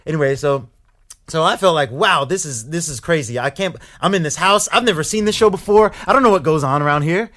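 A young man appears as a guest in a casual interview, telling a story with animation and getting loud when he acts out anger. His voice is a little high and his pace brisk.

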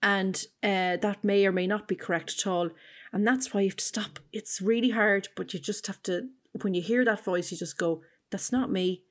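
A woman in a relaxed conversation who speaks bluntly and swears freely. She reassures and encourages like a friend giving a pep talk. Her voice sits at a middle pitch. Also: moderate pace. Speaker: podcast co-host. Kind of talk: candid casual chat.

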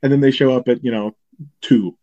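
A man co-hosting a podcast, casually recapping a film scene by scene and slipping into quick character impressions. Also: mid-range voice, steady tone, dark tone, muffled recording. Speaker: podcast co-host. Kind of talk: casual movie recap chat.

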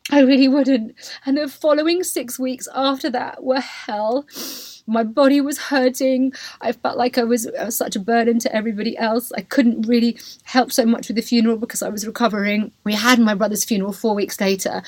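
A woman's voice: a little high, fairly even intonation, brisk, darkish tone, dry recording. Candid woman telling her own story. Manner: emotional, candid, rambling with many fillers. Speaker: podcast host. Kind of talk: personal story monologue.

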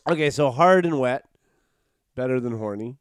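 A man hosting a casual comedy podcast, loud and profane, laughing often and slipping into joking accents. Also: mid-range voice, moderate pace, clean tone, no room sound, clean studio sound. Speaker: podcast host.

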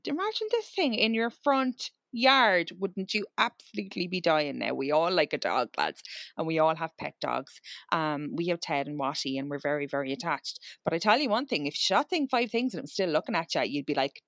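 A woman's voice: deep voice, big pitch swings, a little fast, fairly bright tone, no echo. Woman telling a spooky tale. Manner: dramatic narration, swears freely. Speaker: podcast co-host. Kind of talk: true-crime storytelling chat.

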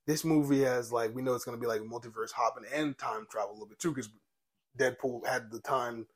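A man's voice: medium pitch, steady tone, a little fast, husky. A young man co-hosting a podcast, chatting casually and animatedly, swearing freely and retelling TV scenes with feeling. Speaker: podcast co-host. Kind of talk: casual chat.

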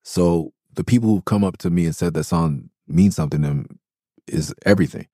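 Casting: deep, warm-toned man in his forties, easygoing podcast host spinning rambling stories into a dry close mic. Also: a little fast, no echo. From Los Angeles. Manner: loose, enthusiastic, rambling with many "like"s. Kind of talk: casual storytelling about his album.

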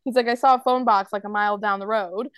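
A woman's voice: medium pitch, fairly even intonation, fast, fairly bright tone, clean tone, no echo. A woman with an American accent, a podcast co-host in casual chat, rambling with lots of "like" and acting out quotes. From United States. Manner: rambling, heavy use of "like", acts out quotes.

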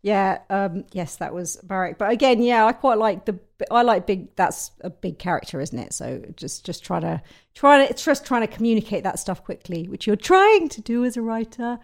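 A woman's voice: medium pitch, big pitch swings, normal speed. Chatty woman comedy writer on a podcast. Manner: chatty, trailing restarts and fillers. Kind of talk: casual podcast chat.

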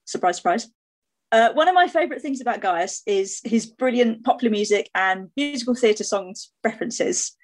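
Lady listener with a question, friendly and cheerful, a bit higher voice. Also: animated, normal speed. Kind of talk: pre-recorded listener question.

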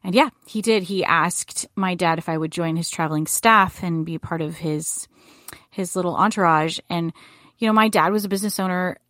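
A woman guest in a podcast interview, telling her story in an animated way and acting out quoted lines. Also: moderate pace, dry recording, clean studio sound. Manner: animated, acts out quotes with big jumps in pitch.

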